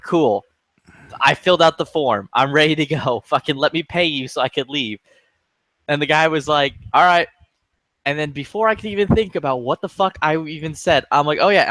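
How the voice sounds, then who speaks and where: In casual chat, a regular from the lobby tells a long, profane story and acts out the people in it with quoted voices. His voice is medium in pitch, and there's no echo.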